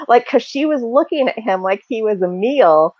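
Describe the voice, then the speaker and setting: A woman's voice: fairly high pitch, animated, moderate pace, no room sound, dull audio. A woman co-hosting a casual fan podcast, chatting and speculating freely, with many fillers and small laughs. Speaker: podcast co-host.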